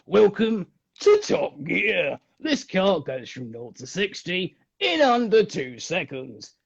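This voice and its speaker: A blunt TV car presenter drawls his lines slowly and deadpan, as a man puts him on. The sound is dull, lo-fi and a little distant from the mic. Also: sits high, vocal fry, breathy edge, heavily acted. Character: blunt male TV car presenter, dry wit.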